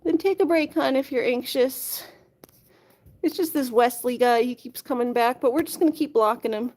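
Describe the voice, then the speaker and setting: High-voiced woman cooing to her cat. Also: moderate pace, darkish tone. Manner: coos at her cat in high sing-song baby talk, reads chat aloud. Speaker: livestreamer with pet cats. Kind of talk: casual live-stream chat.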